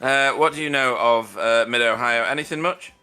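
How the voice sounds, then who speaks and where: A man's voice: medium pitch, moderate pace, bright, forceful tone, clean tone, soft background music. A man doing live sim racing commentary, chatty, with dry self-deprecating humor.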